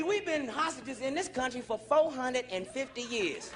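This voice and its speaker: A male stand-up comedian on stage, profane and animated, shouting his punchlines. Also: very high voice, normal speed, noisy background. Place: comedy stage before a live audience. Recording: live show with loud crowd laughter.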